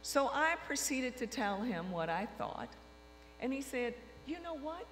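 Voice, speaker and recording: A woman telling a lively anecdote, acting out the dialogue with frequent quotes. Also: fairly high pitch, measured pace. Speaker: storyteller recounting her career. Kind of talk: anecdotal storytelling to an audience. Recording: long reverb hall with faint mains hum.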